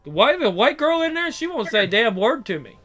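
A young man with a high, forceful, bright voice tells his stories in a loose, profane way. He slips into the other people's lines as he goes. Soft music plays faintly behind him. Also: very animated, brisk. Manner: profane, acts out quoted dialogue. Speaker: storyteller. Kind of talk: casual storytelling.

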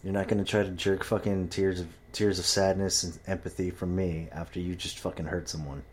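Deep-voiced man ranting, profane. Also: little pitch movement, a little fast, breathy edge. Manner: profane, heated, acts out quoted voices. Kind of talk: casual ranting monologue.

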